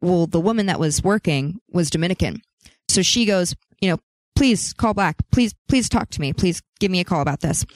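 A woman's voice: lowish voice, lively intonation, normal speed, no echo. A woman reading news on a talk show who adds her own commentary, tells stories expressively and exclaims and laughs. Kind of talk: chatty news segment with commentary.

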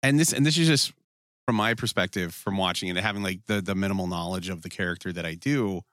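A man's voice: sits low, fast, fairly bright tone, no echo, studio quality. A man co-hosting a podcast in casual chat, telling stories with profanity and acted-out quotes. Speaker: podcast co-host.

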